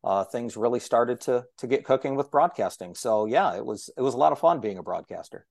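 A man's voice: mid-range voice, brisk, creaky, no room sound, clean studio sound. A man who is a longtime broadcaster, telling stories as a talkative guest and acting out the dialogue. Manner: lively storyteller who acts out quoted dialogue; talkative, self-described yapper. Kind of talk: casual storytelling conversation.

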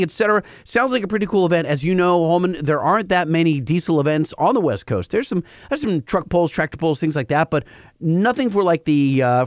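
A man with a somewhat high voice co-hosts a casual show, delivering news in an upbeat, loose way. The sound is dry and close. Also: no echo. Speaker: podcast co-host. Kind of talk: casual radio chat.

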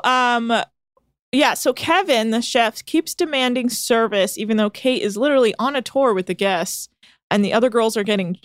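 A woman co-hosting a podcast, recapping a reality show in fast, exasperated casual chat. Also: medium pitch, no echo, clean studio sound.

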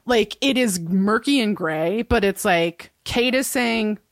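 A woman's voice: medium pitch, takes it slowly, dry recording, clean studio sound. A woman co-hosting a casual podcast, talking in a chatty way with many "like"s and acting out quotes. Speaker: podcast co-host. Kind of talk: casual rewatch podcast chat.

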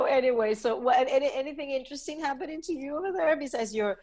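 A woman chatting casually with a friend, animated and quick to exclaim. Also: sits high. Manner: animated, exclaims and laughs often. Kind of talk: casual chat.

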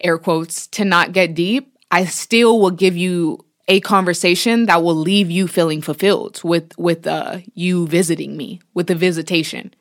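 A woman's voice: on the low side, steady tone, moderate pace, hardly any pauses. A young woman co-hosting a podcast, talking in casual chat with a blunt, frank, slangy manner. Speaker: podcast co-host.

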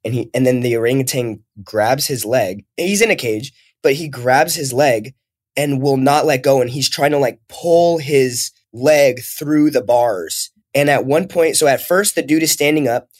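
A man's voice: medium pitch, a little slow. Young male co-host, casual, rambling delivery. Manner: chatty, trails off and restarts, reads out news. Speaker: podcast co-host. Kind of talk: casual chat.

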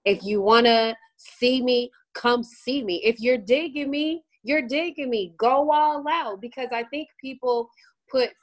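A woman's voice: fairly high pitch, measured pace, low-quality recording. Outspoken woman in casual chat. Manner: outspoken, emphatic. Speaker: podcast co-host. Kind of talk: casual dating talk.

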